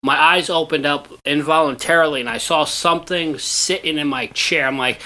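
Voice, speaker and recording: A man on a casual podcast, telling stories in an animated way and swearing freely. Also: fairly high pitch, normal speed. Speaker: podcast co-host.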